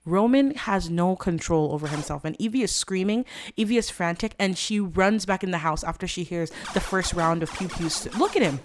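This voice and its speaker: A woman hosting a let's play, narrating the gameplay as an animated, dramatic story and talking straight to viewers. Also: lowish voice, normal speed, a little hiss or hum.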